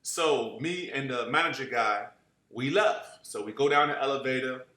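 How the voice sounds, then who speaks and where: A man's voice: mid-range voice, normal speed. A young man telling a casual, profane story and acting out the people he quotes. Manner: animated, acts out quoted voices, profane street slang. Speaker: storyteller guest. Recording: roomy echo.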